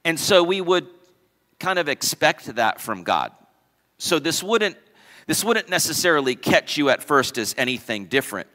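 A man's voice: a little high, big pitch swings, normal speed, sharp tone, long reverb tail. A man preaching a sermon as pastor, emphatic, repeating key phrases and asking the congregation questions. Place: church sanctuary.

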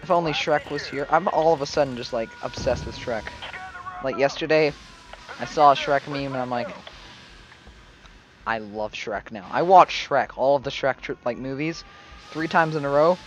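A man giving let's play commentary, excitable, swinging between low mumbling and sudden yells. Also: moderate pace, highs cut off, soft background music. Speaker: gaming channel host.

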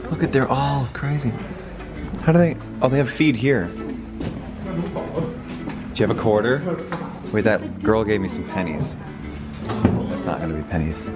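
A man chatting casually in a travel vlog on a handheld camera, excitable and jumping to high squeals when delighted. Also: a little slow, long pauses. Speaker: vlogger. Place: on a day trip, in a car then indoors and at a farm. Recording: loud music over the audio.

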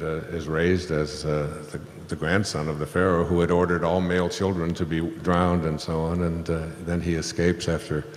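A man's voice: sits low, a little hiss or hum. A man speaking on stage about spiritual ideas, telling a story in a rambling way with many fillers and small chuckles. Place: hall with an audience. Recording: echoey hall recording.

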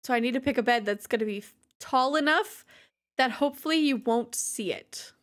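Woman, game streamer, high voice, giggly, crude humor, casual chat with viewers. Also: fairly quick. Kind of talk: casual livestream chat while playing.

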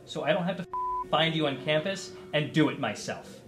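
Playing a student election announcer in a scripted comedy bit, a young man rants aggressively and profanely, his pitch leaping around in an animated, bright, forceful tone at normal speed. The recording sounds roomy and a bit distant from the mic, with music underneath.

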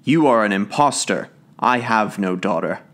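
A man doing a stern grieving old gentleman. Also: fairly low pitch, animated, normal speed. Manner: angry then sorrowful.

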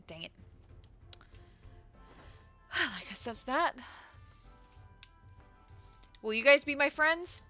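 A woman streamer gives easygoing commentary while she plays a game. Her voice is bright and clear, and she talks at a slow, relaxed pace. She laughs a lot and gets excited over new gear. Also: a little high, soft background music. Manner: chatty, laughs often, reacts excitedly to loot. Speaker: gaming streamer. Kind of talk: casual let's-play commentary.

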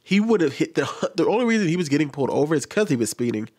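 A man's voice: on the high side, very animated, racing, a little mellow, breathy edge. A young adult man commenting on a news story in an exasperated, lecturing way, repeating his pleas. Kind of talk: reaction commentary.

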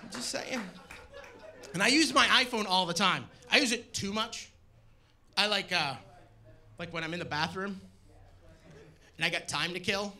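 A man doing a stand-up comedy set on stage, animated and shouting his punchlines. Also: high voice, moderate pace, long pauses. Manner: animated, loud punchlines to a laughing crowd. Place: comedy stage before a live audience. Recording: live show with loud crowd laughter.

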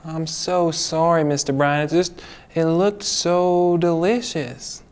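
A man voicing an eager young boy puppet in a children's church skit, earnest and apologetic and quick to get upset. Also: fairly high pitch, steady tone, darkish tone, clear, resonant tone.

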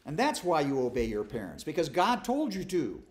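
A man's voice: a little high, huge pitch swings, normal speed, darkish tone. A man leading a Bible study as its pastor, giving an informal sermon in a folksy, conversational way with self-deprecating humor and frequent restarts. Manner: stumbles and restarts often.

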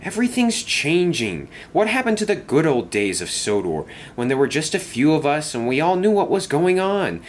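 A man's voice: on the high side, very animated, normal speed, hardly any pauses, a little hiss or hum, pitched above the performer's own voice. Man doing a fretful, raised-voice steam engine. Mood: nostalgic. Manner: plaintive, fretful. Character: anxious, sentimental male steam engine.

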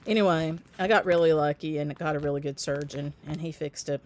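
Chatty woman in her fifties, lowish voice. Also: fairly quick, a little mellow, a little hiss or hum. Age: 50s. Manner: chatty storyteller, laughs often, answers viewer comments by name. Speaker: host of a stitching channel. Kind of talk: casual chat with viewers.

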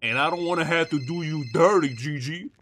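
Brash high-voiced man barking street slang. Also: a little fast, fairly bright tone, slight background noise. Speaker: streamer role-playing a prison gang leader. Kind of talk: game role-play voice chat.

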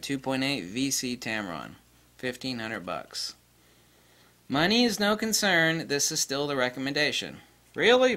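A man giving a casual gear review in a blunt, crude and excitable way, breaking into laughter. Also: mid-range voice. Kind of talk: casual product review vlog.

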